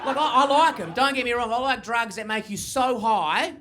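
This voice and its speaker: A man with an Australian accent performing a stand-up set into a handheld mic, with loose, high-energy storytelling. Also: normal speed, pushed and bright, a little hiss or hum. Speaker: stand-up comedian.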